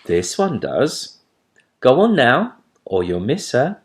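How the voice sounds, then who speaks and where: Brief: man voicing a storybook mother owl, gentle and coaxing, slow and soft. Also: mid-range voice, wildly swooping pitch, pitched above the performer's own voice, heavily acted.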